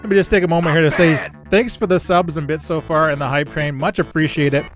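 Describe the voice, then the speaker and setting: A man hosting a gaming stream, chatting casually and giving rambling shout-outs to viewers. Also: on the high side, fairly even intonation, quick pace, soft background music. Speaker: streamer host.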